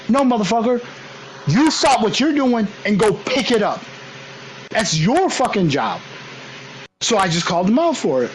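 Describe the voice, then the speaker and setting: A man's voice: high-pitched, a little hiss or hum, poor audio. A young man streaming a game, telling a story in a heated, profane, ranting way. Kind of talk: casual storytelling while gaming.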